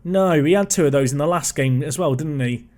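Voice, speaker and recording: A man casually commentating his football management game, chatty and excitable, calling the play and talking to himself. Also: fairly high pitch, a little fast. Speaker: gaming YouTuber.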